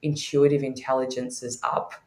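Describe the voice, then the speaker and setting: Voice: mid-range voice, level tone, moderate pace, darkish tone, echoey room. A podcast guest who teaches intuition, telling candid stories with frequent laughter in a conversational way.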